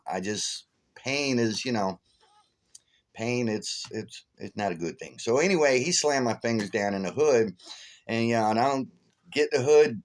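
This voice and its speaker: A man vlogging casually, telling a rambling, profane story and flaring up loudly when he retells his anger. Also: mid-range voice.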